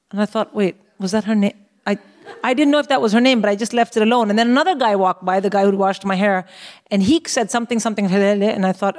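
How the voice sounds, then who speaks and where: A middle-aged woman co-hosting a live comedy show, telling a story in a wry, animated way and acting out the dialogue on stage. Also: medium pitch. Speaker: comedian co-host. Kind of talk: stand-up storytelling.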